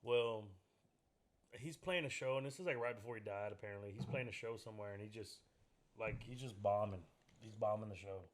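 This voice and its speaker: A man, a comedian guest on a podcast, telling a story in a relaxed, hesitant way with lots of fillers. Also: fairly low pitch, fairly quick. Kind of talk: casual storytelling chat.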